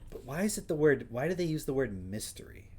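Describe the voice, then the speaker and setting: A man hosting a livestream reads passages aloud in a fairly high, expressive voice, speaking fast with a warm, slightly rough tone. Between readings he breaks off with wry, sarcastic questions in a casual, chatty style.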